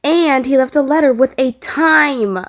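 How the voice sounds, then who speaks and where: A woman's voice: high voice, unhurried, pitched above the performer's own voice. A woman voicing an anxious young man who babbles fretfully in a raised, worried voice. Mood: frantic.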